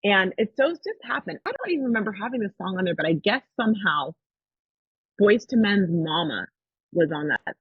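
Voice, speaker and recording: In a mid-range, slightly rough voice at normal speed, a woman hosting a podcast shares a personal story with lively delivery, performing the voices of those involved. The sound is phone-quality with no echo.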